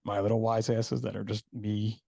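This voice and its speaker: A man's voice: fairly low pitch, little pitch movement, normal speed, vocal fry, dark tone, dry recording, studio quality. A middle-aged man hosting a podcast, chatting casually and laughing at his own stories. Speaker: podcast host. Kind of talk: casual conversation.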